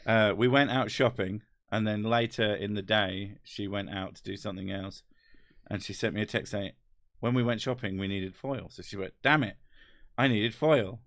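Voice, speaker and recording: A low-voiced man with an English accent talks close to the mic in a dry room. He rambles through casual chat with a wry tone and drops swear words freely. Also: steady tone, normal speed, fairly bright tone, no room sound. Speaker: host. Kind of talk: casual chat reading comments.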